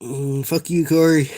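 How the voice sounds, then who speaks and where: A man's voice: a little high, a little mellow. A young man with a Tennessee Southern accent, chatting casually and profanely with his livestream viewers while he works. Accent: Southern American, Tennessee. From Southern United States. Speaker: streamer making dice.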